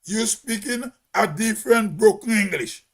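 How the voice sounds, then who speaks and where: A Grenadian man with a very high voice holds forth in a casual monologue. He talks slowly and emphatically, repeating key words to drive each point home. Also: vocal fry. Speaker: host.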